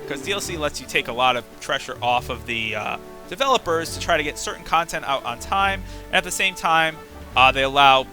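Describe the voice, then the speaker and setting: A man's voice: on the high side, expressive, fairly quick, bright, forceful tone, soft background music. A young man streaming a game, casually talking through his play with chatty, muttered asides. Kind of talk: casual live gameplay commentary.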